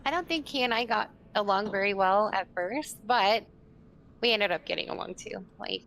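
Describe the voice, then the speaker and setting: A woman's voice: medium pitch, moderate pace, low-quality recording. A woman streaming a game with friends, chatting casually and telling stories bluntly, swearing freely. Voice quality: blunt, animated storyteller who swears freely. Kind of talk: casual chat and storytelling.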